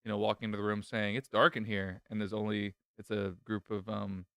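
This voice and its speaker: A man co-hosting a podcast in casual chat, teasing and cracking quick jokes. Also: fairly low pitch, little pitch movement, vocal fry, pushed and bright, smooth, no echo, studio quality. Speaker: podcast co-host.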